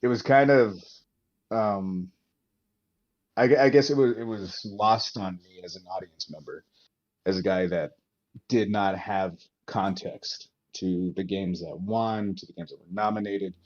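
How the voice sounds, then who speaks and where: Male co-host, lowish voice, dull lo-fi sound, animated and swearing, trails off. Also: measured pace. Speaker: podcast co-host. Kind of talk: casual podcast chat.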